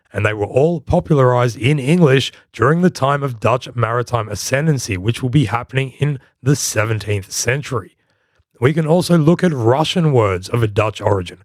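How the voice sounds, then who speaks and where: A man's voice: medium pitch, no room sound, studio quality. A man hosting a history podcast, giving scripted narration in a wry, playful storytelling manner.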